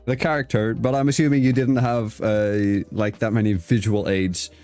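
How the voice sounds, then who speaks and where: A man's voice: lowish voice, fairly even intonation, moderate pace, a little mellow, faint music behind. A man hosting a casual interview, laughing often, swearing loosely and restarting his sentences. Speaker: host.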